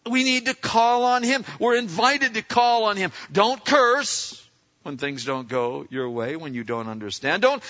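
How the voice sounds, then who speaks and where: A man preaching a sermon in a folksy, conversational way, swinging between loud emphatic lines and quiet asides and acting out quotes. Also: extremely high pitch, very animated, measured pace. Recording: dull lo-fi sound.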